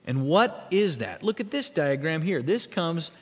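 A man preaching a sermon, emphatic, swinging between quiet low stretches and loud peaks, leading the congregation through scripture. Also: big pitch swings, measured pace. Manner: asks the congregation to repeat words and follow in their Bibles. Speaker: pastor. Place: church sanctuary. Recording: long reverb of a large church hall.

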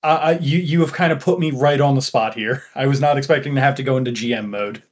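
A man's voice: mid-range voice, fast, slightly rough. A man hosting a tabletop game podcast, chatting casually and stammering when put on the spot. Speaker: podcast host and player.

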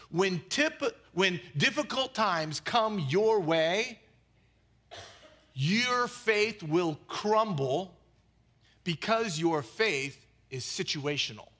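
Male pastor, high bright voice, lively preaching with wry asides. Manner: animated, conversational preaching with quick asides and jokes. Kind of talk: sermon.

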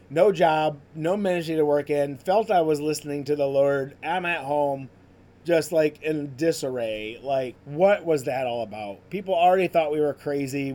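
Male podcast host, slightly higher voice, casual testimony storytelling. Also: darkish tone. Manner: conversational, full of "like" and "you know" fillers. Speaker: podcast host sharing his ministry story.

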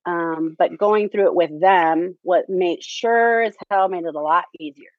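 A woman, a theater teacher, talking casually in an interview, halting with many fillers and frequent laughs. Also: on the low side, dry recording, phone-quality sound.

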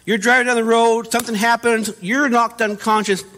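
A man's voice: extremely high pitch, level tone, brisk, sharp tone. A man pastor preaching a conversational sermon in a church, correcting himself as he goes and asking the viewers questions. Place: church with spaced-out pews. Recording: church service with long reverb.

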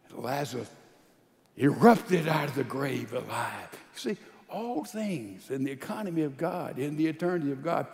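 Older guy preaching, high voice, slow and emphatic, big echoey church sound. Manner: emphatic preaching with sudden loud and soft swings. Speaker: pastor. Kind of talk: sermon.

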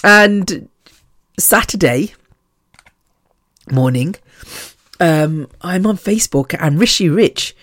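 This woman in her fifties hosts a podcast, rambling casually, cursing freely, and laughing between lines. She speaks slowly with long pauses in a lowish, animated, slightly bright voice, captured as a dry, clean studio recording.

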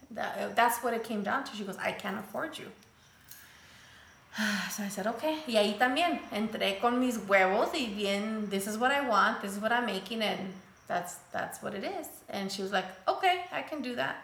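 A woman's voice: medium pitch, gravelly, fairly bright tone, echoey room. A woman telling a personal story in casual talk, mixing English and Spanish and acting out what others said. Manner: switches between English and Spanish mid-sentence; acts out quoted voices, turns emotional.

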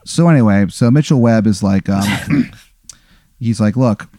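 A man's voice: lowish voice, unhurried, mellow, no echo, clean studio sound. Rambling man running a hypothetical. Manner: rambling, full of fillers. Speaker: game master of a hypothetical. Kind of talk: improvised storytelling.

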